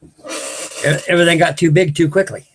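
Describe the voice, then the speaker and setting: A man's voice: on the high side, steady tone, normal speed, fairly bright tone, slight background noise. An older man, rambling folksily as host of a late-night live chat with his viewers. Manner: folksy, meandering, restarts sentences. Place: home at night.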